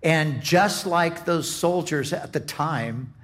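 Slow, deliberate male preacher. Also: a little high, a bit bright. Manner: slow, deliberate teaching with many restarts. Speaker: pastor. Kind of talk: sermon.

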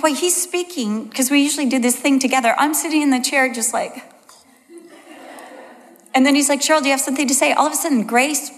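A middle-aged woman, a Bible teacher, giving a conversational sermon to an audience and telling stories in a chatty, animated way. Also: on the high side. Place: large hall before an audience. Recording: long reverb of a large hall.

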